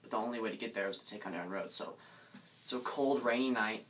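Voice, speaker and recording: A young man casually tells a ghost story, hesitant and full of restarts as he builds suspense. His voice is lowish and picked up from a distance. Faint noise hums behind him. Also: fast talker, a bit bright.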